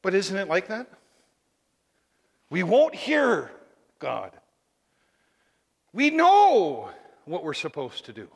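A man preaching a sermon, telling a story with lively energy and asking the congregation rhetorical tag questions. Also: sits high, slow, vocal fry, long pauses, long reverb tail.

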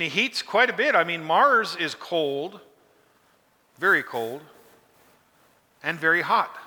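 A man's voice: high-pitched, sharp tone, in a large hall. A man preaching a sermon in a folksy, conversational way, often asking his listeners questions. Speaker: pastor.

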